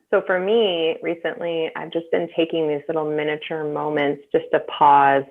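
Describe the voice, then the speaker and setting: Deep-voiced woman on a tinny line. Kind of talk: casual podcast chat.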